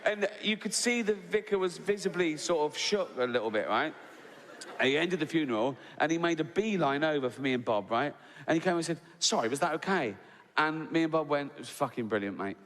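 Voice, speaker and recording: In a large hall, a stand-up comedian spins conversational stories, keeps adding "right?" and laughs at his own jokes. He talks briskly in a somewhat high, fairly bright voice.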